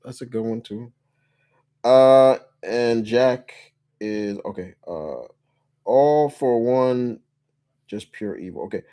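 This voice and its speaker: A man's voice: medium pitch, slow, pauses often, mellow. A man hosting a casual live question-and-answer chat, laid-back, laughing often and rambling with restarts. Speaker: host.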